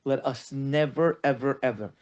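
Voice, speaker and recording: An animated man teaches a lesson on marriage as a rabbi, his voice in the middle range. He tells stories and acts out the voices of the people he quotes. He repeats words to drive a point home. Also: medium pitch, normal speed, muffled recording. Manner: animated storytelling, acting out quoted callers. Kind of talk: spoken lesson.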